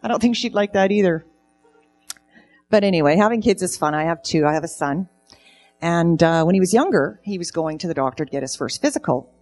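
A woman's voice: fairly low pitch, expressive, fairly quick, a little mellow, faint music behind. A middle-aged woman telling stand-up comedy stories on stage, in a dry storytelling way. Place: event stage.

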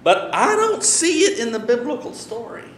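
A man preaching as a pastor, conversational and animated, swinging from loud emphasis to quiet asides. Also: very high voice, moderate pace, echoey room, a little hiss or hum. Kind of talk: sermon.

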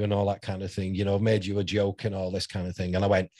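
A man's voice: fairly low pitch, flat delivery, fairly quick, few pauses, darkish tone, no room sound. A man around sixty, hosting an interview and rambling through anecdotes with frequent laughter. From St Helens, near Liverpool, England. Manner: rambling anecdotal storyteller who laughs often. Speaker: host. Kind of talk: casual interview chat.

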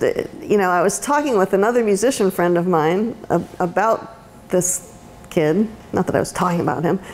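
A woman's voice: medium pitch, darkish tone, a little hiss or hum. Chatty woman giving a lecture. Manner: conversational, many ums and restarts. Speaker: autism educator. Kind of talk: university lecture talk. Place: lecture room.

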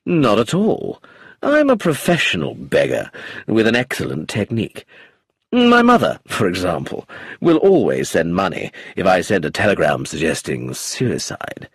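A man's voice: low voice, huge pitch swings, normal speed, husky, no echo, clean studio sound, heavily acted. A man playing a charming, amused rogue who is cold underneath, drawling and chuckling as he talks in a storybook reading.

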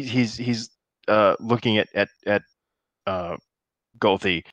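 Low-voiced man running a tabletop game. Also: steady tone, fairly bright tone, no echo, dull audio. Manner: halting, many restarts and fillers. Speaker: dungeon master.

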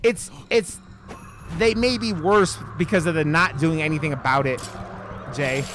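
A man's voice: a little high, a little slow, background noise. A man streaming a video game, angrily ranting to his chat, swearing heavily and restarting his sentences. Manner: heavy swearing, restarts mid-sentence, addresses chat viewers. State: angry. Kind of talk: heated live-stream rant.

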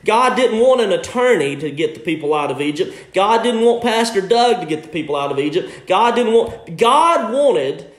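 A man preaching a sermon as a pastor, impassioned, with shouts and bursts of laughter. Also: high voice, big pitch swings, moderate pace, few pauses. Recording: echoey room.

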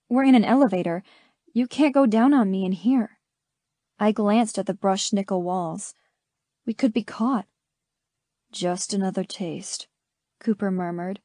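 A woman narrating a first-person romance audiobook in an intimate, measured reading. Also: mid-range voice, mellow, no echo, studio quality.

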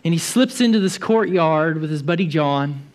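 A man's voice: on the high side, lively intonation, moderate pace. A man preaching a sermon in a church, telling the story vividly and often repeating words as he goes.

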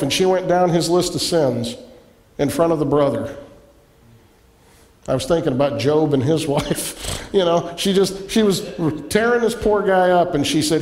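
A man preaching as a guest in a church, telling a personal story with animated delivery and acted-out voices. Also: fairly high pitch, moderate pace. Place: church sanctuary. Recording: echoey church hall.

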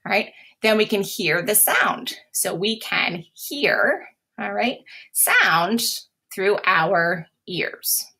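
A woman's voice: medium pitch, very animated, slow pace, creaky, bright, forceful tone, slightly rough. A woman teacher reading a simple science lesson aloud, patiently repeating key words and sometimes dropping to a whisper for examples. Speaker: special education teacher. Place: classroom or home, recorded for remote lesson.

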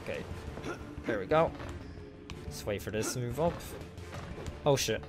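A young man giving excitable let's play commentary, swearing a lot at the game. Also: medium pitch, measured pace. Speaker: gaming video host. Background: game music.

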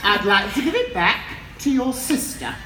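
A woman's voice: medium pitch, big pitch swings, normal speed, close to an everyday voice. A woman playing a scheming, gloating wicked stepmother in a live pantomime, mocking and sing-song. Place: large theatre stage. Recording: echoey live hall, music and audience. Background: music and audience reactions.

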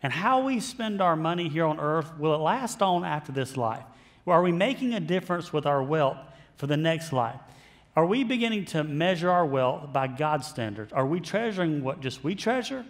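Male pastor, slightly high voice, relaxed joking sermon delivery, long church reverb. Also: normal speed. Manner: conversational, self-deprecating humor.

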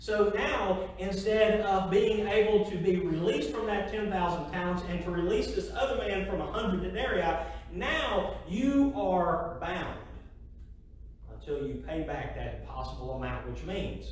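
High-voiced preacher in an echoey church. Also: male voice, measured pace. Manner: emphatic, repeats key phrases, asks rhetorical "right?". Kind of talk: sermon. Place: church sanctuary. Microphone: distant mic. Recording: very echoey hall from a distance, faint hiss.

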